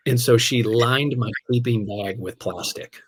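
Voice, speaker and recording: A man, a pastor, telling a personal story in a casual podcast conversation, animated, laughing often and tossing in "man" and "dude". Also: mid-range voice, a little slow, husky.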